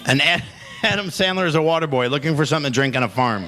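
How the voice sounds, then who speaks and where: A man's voice: a little high, animated, fast, pushed and bright. A man doing a stand-up comedy set, who keeps breaking into laughter at his own jokes. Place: comedy club stage. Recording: noisy club recording.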